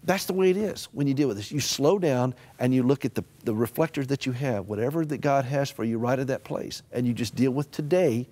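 Man, Southern US accent, middle-aged, quick-paced, folksy storytelling, humorous, gentle when hushed. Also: mid-range voice. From American South. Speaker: author and caregiver advocate. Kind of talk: Christian TV interview guest.

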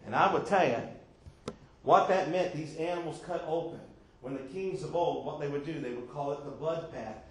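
Brief: pastor, high-pitched man, distant mic in a reverberant church. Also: normal speed, slight background noise. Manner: call-and-response preaching, repeated "how many know". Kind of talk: sermon. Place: church sanctuary. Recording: echoey church room from far off.

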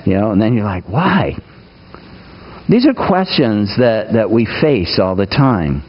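A man's voice: on the low side, very animated, a little slow, dull audio. A man preaching a conversational sermon in a church, folksy and asking the congregation questions.

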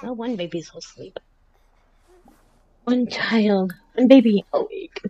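A woman's voice: on the high side, takes it slowly, highs cut off, a crowd in the background. A woman in her forties giving casual, chatty commentary on her game at home, talking to the game characters and her dog as she plays. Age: 40s. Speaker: gameplay commentator.

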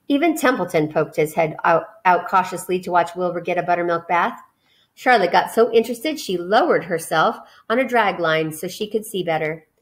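Woman reading a children's novel aloud. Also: medium pitch. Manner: expressive, with small slips and restarts. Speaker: reader.

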